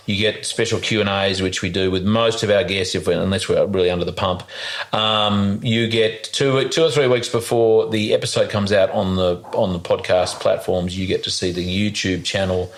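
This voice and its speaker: A man hosts a relaxed podcast interview, speaking in a fairly low voice. He talks haltingly, stacking fillers and false starts as he circles his point. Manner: halting, many fillers and restarts. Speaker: podcast host. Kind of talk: casual interview chat.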